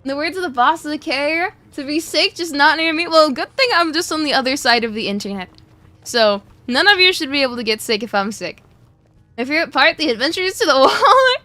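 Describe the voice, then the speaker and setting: A woman's voice: high-pitched, lively intonation, fairly quick, bright, forceful tone, dry recording, faint music behind. A young woman streaming a game and chatting with her viewers, greeting them over and over, her speech a little muffled by a cough drop in her mouth. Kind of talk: casual live-stream chat while gaming.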